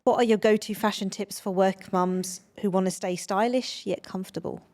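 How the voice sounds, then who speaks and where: A woman's voice: mid-range voice, steady tone, moderate pace, darkish tone. A woman hosting a podcast, asking interview questions and offering brief, supportive agreement. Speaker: podcast host. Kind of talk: interview questions and short affirmations.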